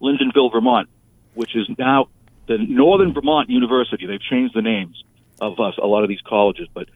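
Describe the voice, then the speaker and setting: A man's voice: mid-range voice, a little fast, no echo. Man, weatherman, chatty, rambling, tinny phone line, dry sound. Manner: chatty, reminiscing with many fillers. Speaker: weather forecaster. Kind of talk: casual on-air chat by phone.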